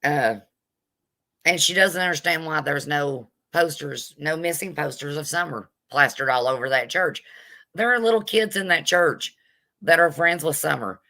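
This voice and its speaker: A woman's voice: sits low, moderate pace, gravelly, bright, forceful tone. A woman doing a live commentary rant, greeting her viewers between blunt, indignant remarks. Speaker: vlogger.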